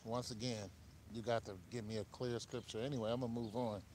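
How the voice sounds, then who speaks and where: A talkative man runs his live stream in a loose, offhand way, his pitch sitting right in the middle. A faint hiss of noise runs behind him. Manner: talkative, animated, quick asides and laughs. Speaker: online show host. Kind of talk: casual live-stream chat.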